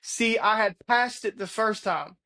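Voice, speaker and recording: A man's voice: high-pitched, measured pace, pushed and bright. A man earnestly telling his personal faith testimony, with an emphatic style that repeats key phrases. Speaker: testimony speaker.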